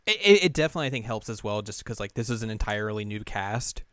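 A man co-hosting a podcast, explaining things in a laid-back, halting way full of fillers. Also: lowish voice, expressive, fairly bright tone, no room sound, clean studio sound. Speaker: podcast co-host. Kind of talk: casual chat.

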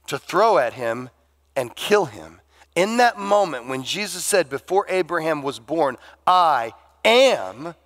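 A man preaching a sermon as pastor, animated and acting out the dialogue of the people in his story. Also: a little high. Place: church sanctuary.

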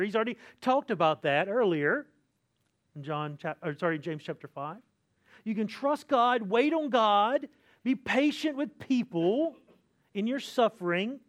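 A man's voice: sits high, animated, unhurried, pauses often. A pastor preaching a sermon in a conversational way, often checking in with his listeners by asking "right?". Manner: acts out complaining voices with sighs.

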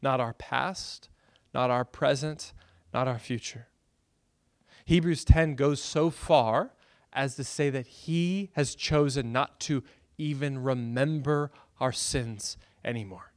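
A pastor, preaching a sermon and telling stories with bursts of loud excitement. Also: male voice, mid-range voice, slow, no echo, studio quality.

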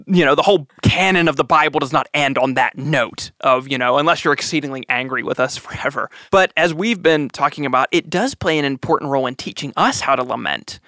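A man's voice: medium pitch, fairly quick, hardly any pauses, pushed and bright, dry recording, studio quality. A man co-hosting a podcast, chatting casually and cheerfully about the Bible, laughing often. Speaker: podcast co-host.

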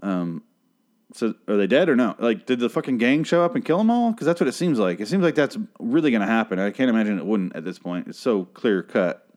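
A man's voice: mid-range voice, expressive, fairly quick, darkish tone. A man casually recapping a TV episode, rambling and sarcastic, swearing often. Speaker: show recap host.

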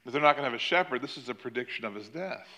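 A man preaching a sermon, retelling a Bible story with animated delivery and acting out the characters' lines. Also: medium pitch, racing. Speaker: pastor.

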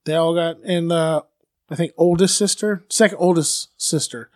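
High-voiced man telling a crude story. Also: steady tone, normal speed, a little mellow, no room sound, studio quality. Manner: loose, crude, full of fillers, acts out quoted people. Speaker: podcast co-host telling a true-crime story. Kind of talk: casual profane storytelling.

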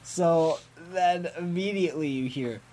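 Podcast co-host, male, unhurried and giggly, acts out quotes; light background noise. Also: fairly high pitch. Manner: giggly, animated retelling of a comic, acts out quotes. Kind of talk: casual podcast chat.

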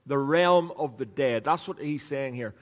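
A pastor with a medium-pitched voice preaches at a measured pace into a microphone, joking conversationally and ribbing members of the congregation. The recording has the reverberant sound of a church hall.

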